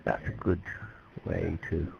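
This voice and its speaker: A man teaching an English class at a university in a relaxed, chatty way. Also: deep voice, takes it slowly, creaky, muffled recording, slight background noise.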